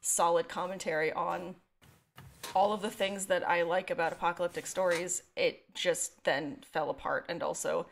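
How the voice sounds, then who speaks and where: Young woman podcast co-host with a slightly low voice, sarcastic and long-winded. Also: fairly even intonation, moderate pace, vocal fry, a little hiss or hum. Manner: talkative, wry and sarcastic, rambling on side thoughts. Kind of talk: casual podcast chat.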